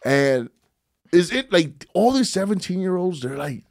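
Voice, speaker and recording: A man co-hosting a podcast, teasing the others in slangy, animated banter. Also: high-pitched, measured pace, vocal fry. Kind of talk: casual chat.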